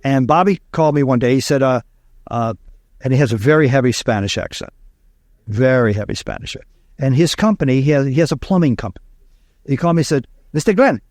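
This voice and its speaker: Animated male communication coach. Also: medium pitch, a little fast, no room sound. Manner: animated, storytelling, uses fillers. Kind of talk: interview explanation.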